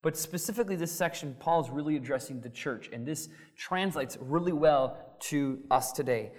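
A man's voice: a little high, moderate pace, darkish tone. A male pastor preaching a sermon in a conversational, emphatic way, often checking in with "right?". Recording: long reverb of a large hall.

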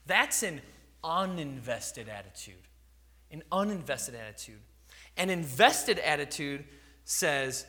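A man's voice: on the high side, animated, normal speed, bright, forceful tone, long reverb tail. A man preaching a sermon, acting out little dialogues and chuckling now and then. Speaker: pastor.

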